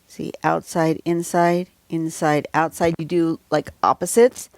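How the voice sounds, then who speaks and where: Chatty woman teaching drawing, low voice. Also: flat delivery, a little slow, a little mellow, slight background noise. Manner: chatty, rambling, many ums and asides. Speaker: drawing tutorial host. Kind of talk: casual livestream drawing lesson. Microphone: phone.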